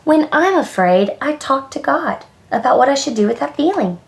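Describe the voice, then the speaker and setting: A woman's voice: sits high, sing-song, normal speed, creaky, voice pushed up, exaggerated voice. A woman voicing a patient preschool teacher who explains feelings to her class in a storybook.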